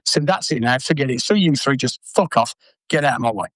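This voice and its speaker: An older former footballer telling blunt, sweary stories in an interview. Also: male voice, medium pitch, brisk, dry recording, low-quality recording. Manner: blunt, sweary, animated anecdotes. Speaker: former footballer and manager, guest. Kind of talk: casual storytelling interview.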